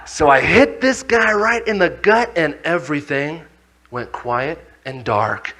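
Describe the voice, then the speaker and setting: Lively high-voiced man telling a story. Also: measured pace. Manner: animated storytelling with acted-out voices and shouts. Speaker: youth speaker. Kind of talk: motivational youth talk.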